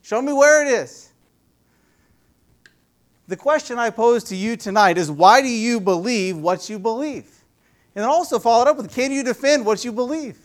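A youth pastor giving a casual, conversational sermon in a church, often putting questions to the audience. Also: male voice, very high voice, lively intonation, brisk.

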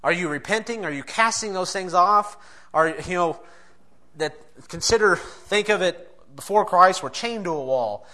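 A man's voice: high-pitched, expressive, moderate pace, bright, forceful tone. A man preaching a sermon, earnest and direct, often asking his listeners questions and chuckling now and then.

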